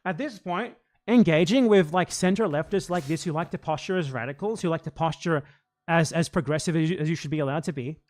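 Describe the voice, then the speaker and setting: A man's voice: fairly high pitch, fairly quick, darkish tone. A man hosting reaction commentary, exasperated and argumentative, swearing often as he rebuts. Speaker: commentary channel host.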